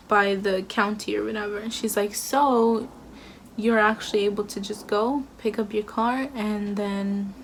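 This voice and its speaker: A woman's voice: mid-range voice, slight background noise. A young woman telling a storytime vlog in a casual, chatty way, full of fillers and quoted dialogue. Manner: chatty, animated retelling with many fillers. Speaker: vlogger.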